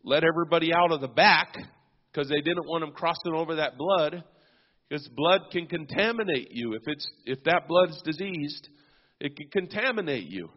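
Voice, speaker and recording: High-voiced preacher in a reverberant church. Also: male voice, lively intonation, normal speed. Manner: preaching with frequent amens and hallelujahs. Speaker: pastor. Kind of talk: sermon. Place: church sanctuary. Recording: dull lo-fi sound with long church reverb.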